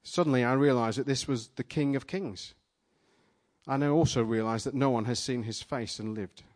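A man preaching a sermon, retelling a vision in the first person, dramatic at first and then playful and energetic with volunteers in front of a live congregation. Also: mid-range voice, normal speed. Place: church gathering with a live audience.

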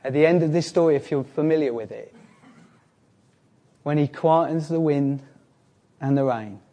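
A man preaching a sermon, telling a Bible story with animated swings between loud emphasis and hushed, slow lines. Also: fairly high pitch.

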